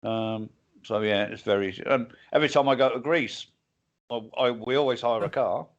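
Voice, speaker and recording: A man's voice: medium pitch, normal speed. Older man, plainspoken, slightly dull sound. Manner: rambling, sweary, plainspoken. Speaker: co-host. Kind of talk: casual livestream chat.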